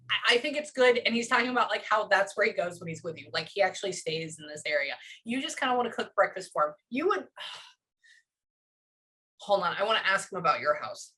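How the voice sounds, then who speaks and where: A woman working as a psychic medium, relaying messages in a reading, often pausing with "hang on" before carrying on. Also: medium pitch, expressive, pushed and bright. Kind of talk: one-on-one reading session.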